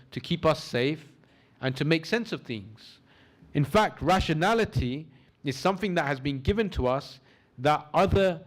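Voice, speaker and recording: Man teaching a class with interactive questions. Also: a little high. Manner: lively teaching, asks the audience questions; slows down for emphasis in guided imagery. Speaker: course instructor.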